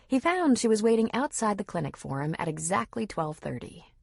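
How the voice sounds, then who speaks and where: A woman narrating a romance audiobook in an expressive, intimate way. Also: mid-range voice, brisk, creaky, breathy edge, no echo, studio quality. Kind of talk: scripted narration.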